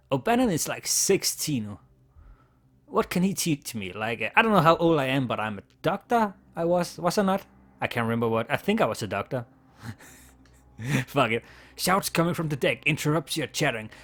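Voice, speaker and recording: A man's voice: mid-range voice, very animated, normal speed, a bit bright. Man reading a text game, stumbling. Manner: stumbles over words, laughs, swears casually. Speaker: game player reading aloud. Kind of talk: casual let's-play narration.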